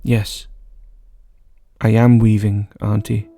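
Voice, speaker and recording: A man's voice: fairly low pitch, flat delivery, slow pace, vocal fry, dark tone. A man voicing a polite young girl in a fairy tale, speaking courteously while hiding fear.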